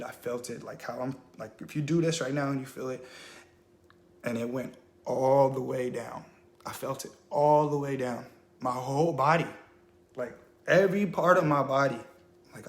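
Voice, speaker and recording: Earnest man telling his testimony, roomy echo. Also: mid-range voice. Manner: earnest, emotional storytelling, full of "like" and "man". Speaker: person sharing his religious testimony. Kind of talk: unscripted personal testimony on a live stream. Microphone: phone or webcam on a social media live stream.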